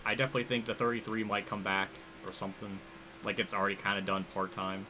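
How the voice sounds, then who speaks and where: A young man livestreaming a racing game, rambling and thinking aloud as he reacts loudly to the action on track. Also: on the low side, level tone, fast talker, music in the background. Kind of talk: live gameplay commentary.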